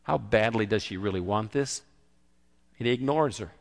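A man's voice: lowish voice, moderate pace, vocal fry. Man preaching in an echoing hall. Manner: conversational preaching, acts out the quoted voices. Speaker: pastor. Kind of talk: sermon.

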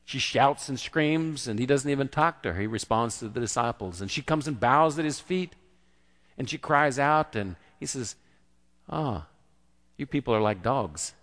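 A man's voice: mid-range voice, moderate pace, a bit bright, big-room sound. A man preaching a conversational sermon and acting out the quoted voices. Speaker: pastor.

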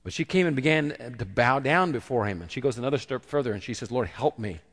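A man's voice: mid-range voice, animated, quick pace, a bit bright, long reverb tail. A man preaching a conversational sermon and acting out the quoted voices. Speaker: pastor.

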